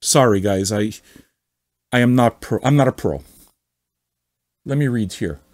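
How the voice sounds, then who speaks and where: A man's voice: mid-range voice, measured pace, darkish tone. A man hosting a casual talk show, telling a story in a sarcastic, rambling way with plenty of swearing and self-mockery. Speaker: podcast host. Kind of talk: casual comedic rant.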